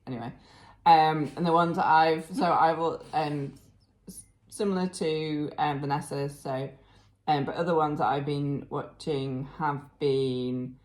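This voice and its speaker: A woman's voice: low-pitched, fairly even intonation, measured pace, darkish tone. A New Zealand woman co-hosting a casual crafting podcast, understated and not gushy in her praise. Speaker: podcast co-host. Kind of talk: casual chat.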